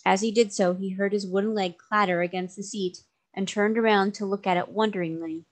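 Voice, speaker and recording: A woman narrating a children's novel aloud in a steady, even way. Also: mid-range voice, fairly quick. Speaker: storybook reader.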